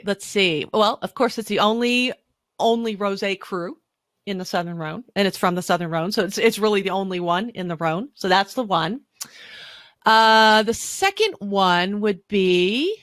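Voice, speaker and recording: An enthusiastic woman explains wine as a podcast guest, in a mid-pitched voice. She is chatty and restarts her sentences often. The sound is dry and close. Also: moderate pace, fairly bright tone, no room sound.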